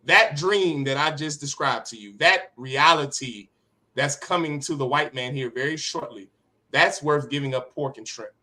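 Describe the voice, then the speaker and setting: Male preacher leading a class, fairly high bright tense voice, fiery and rhetorical. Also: normal speed. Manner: impassioned, rhetorical, sharp swings in loudness. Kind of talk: street-preacher sermon.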